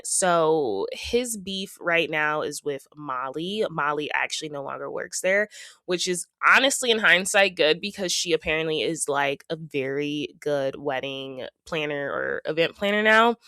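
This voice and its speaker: A woman hosts a casual podcast, recapping reality TV in a chatty, gossipy way. Her voice sits low but rings bright and forward. She is recorded on a dry, close mic. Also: animated, moderate pace, dry recording. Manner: chatty, gossipy, quotes people in playful asides. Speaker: podcast host.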